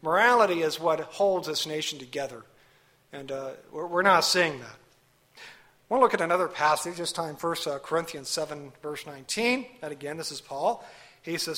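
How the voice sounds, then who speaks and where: A male pastor delivers a sermon in a bright, forceful, somewhat high voice. He preaches emphatically, pressing points with rhetorical questions and leaning hard on key words. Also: lively intonation, moderate pace.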